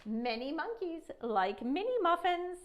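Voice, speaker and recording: A woman librarian reading a picture book aloud to children, expressive and asking them questions. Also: very high voice, a little slow. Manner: expressive storytelling, asks young listeners questions.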